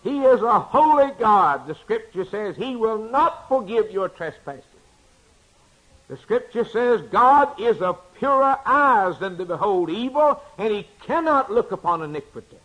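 Husky high-voiced man preaching. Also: animated, a little slow, rough recording. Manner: emphatic preaching, swinging between loud declarations and hushed asides. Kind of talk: sermon.

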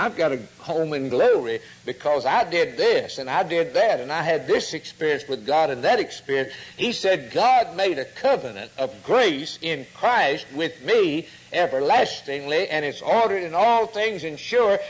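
A man's voice: fairly high pitch, low-quality recording. Fervent preacher man. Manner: fervent, rhetorical questions, drops to hushed tones. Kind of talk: sermon.

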